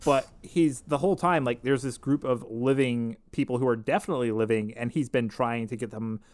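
A man's voice: medium pitch, brisk, a little mellow. A man co-hosting a podcast in casual chat, joking and rambling with many restarts. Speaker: podcast co-host.

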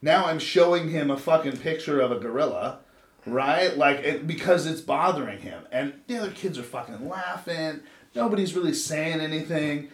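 A man's voice: fairly high pitch, animated, normal speed. A man in his thirties from Los Angeles, chatting casually as a podcast co-host and telling stories in a rambling, profane way. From Los Angeles, USA. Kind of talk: casual chat. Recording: roomy echo.

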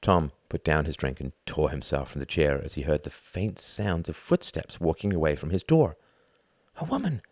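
A man narrating a novel as an audiobook in a measured, expressive reading. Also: very deep voice, no echo, clean studio sound.

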